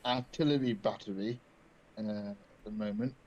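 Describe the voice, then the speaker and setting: A British man playing a tabletop game, speaking slowly and hesitantly with many uhs. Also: lowish voice. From Britain. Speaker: player. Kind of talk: casual tabletop play. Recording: dull lo-fi sound, faint noise.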